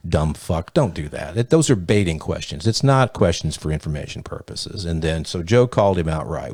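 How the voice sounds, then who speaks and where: A man's voice: deep voice, lively intonation, normal speed, hardly any pauses, a little mellow, no echo. A man hosting a podcast, giving blunt, profane, sarcastic commentary in a casual way. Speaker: podcast host.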